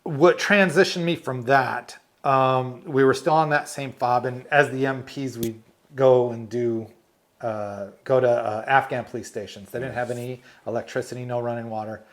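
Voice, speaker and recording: This storytelling interview features a retired army medic from the US recounting his war experiences with lots of laughter and acted-out quotes. His voice is mid-range and his pace moderate.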